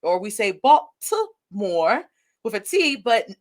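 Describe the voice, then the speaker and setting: Lively Detroit woman hosting a call. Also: mid-range voice, normal speed. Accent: Detroit, Midwestern US. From Detroit, Michigan. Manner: energetic, expressive, switches between English and Spanish words. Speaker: podcast host. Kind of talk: conversational interview. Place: live video call.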